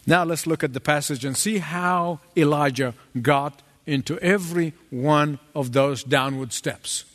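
A man preaching a sermon as pastor, dramatic and animated, acting out the voices of the people in his story. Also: a little high, measured pace, big-room sound.

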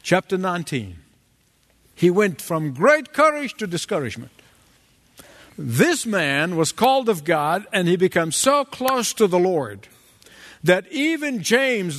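A man preaching a sermon as pastor, dramatic and animated, acting out the voices of the people in his story. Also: high-pitched, a little slow, big-room sound.

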